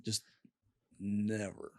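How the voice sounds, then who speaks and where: A young man, a podcast guest, telling a painful personal story in a candid, halting way and swearing freely. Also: on the low side, completely flat delivery, no echo. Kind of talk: casual storytelling.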